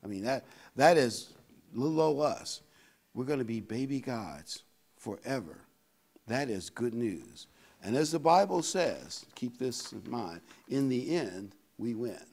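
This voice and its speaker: An older man delivers a sermon in a folksy, conversational style, reading scripture aloud with a lively, rising and falling pitch. He often pauses with fillers while finding the next verse. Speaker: pastor.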